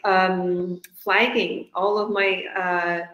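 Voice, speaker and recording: A woman's voice: fairly low pitch, flat delivery, moderate pace, a bit bright. Effusive woman coach in an echoey room. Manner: effusive, repetitive, religious exclamations, laughs often. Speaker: business coach and company head. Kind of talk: enthusiastic testimonial in an online business chat. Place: room in Barcelona.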